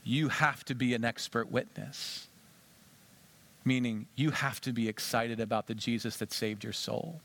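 A male pastor giving an animated sermon, acting out conversations with a volunteer on stage. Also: medium pitch, a little slow.

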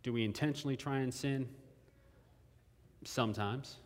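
A man's voice: mid-range voice, normal speed. A man preaching a sermon in a conversational way, repeating phrases and asking his listeners questions. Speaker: pastor. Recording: long hall reverb.

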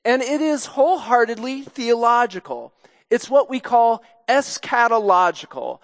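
A man's voice: extremely high pitch, lively intonation, measured pace. A man, a pastor, preaching a sermon in a conversational storytelling way. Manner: storytelling, sings snatches of a jingle. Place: church sanctuary. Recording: long church hall reverb.

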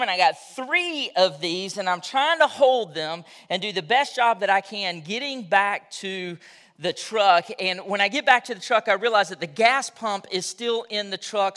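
A man's voice: high-pitched, sharp tone. A male pastor preaching a sermon in a casual storytelling way, talking to the congregation as y'all. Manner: conversational storytelling, addresses crowd as y'all.

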